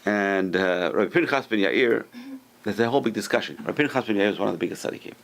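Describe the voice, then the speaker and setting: Gravelly rabbi telling a lively story. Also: male voice, fast. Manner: animated storyteller, acts out quotes with sudden high lifts; talks to the room, asks listeners questions. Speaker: rabbi teaching a class. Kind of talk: Torah class storytelling.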